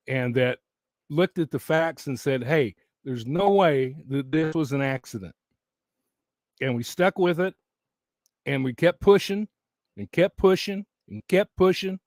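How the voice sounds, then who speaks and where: A man chats loosely to his channel's viewers from home, sitting right up on the mic in a dry, close sound. His voice sits a bit high for a man and is wearing thin, and he rambles, restarts and laughs often. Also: dry recording. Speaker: YouTube channel host. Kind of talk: casual livestream chat.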